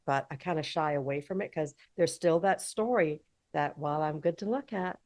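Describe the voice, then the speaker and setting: A woman's voice: low-pitched, normal speed, a little mellow. A woman who is an entrepreneur and healer, a guest telling a candid personal story in a heartfelt, emotional way.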